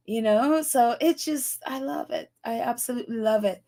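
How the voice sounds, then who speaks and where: Woman on a live stream reading chat, laughing and teary, high voice. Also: normal speed, hardly any pauses, mellow. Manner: gushing, laughing and near tears, reads chat aloud. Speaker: host of a live stream reading viewer comments. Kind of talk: emotional live-stream commentary. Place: New York.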